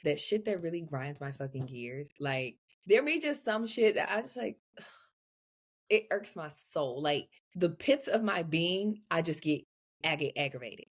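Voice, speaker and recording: A woman co-hosting a podcast in casual chat, blunt and profane, often jumping into high, excited bursts. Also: a little slow. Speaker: podcast co-host.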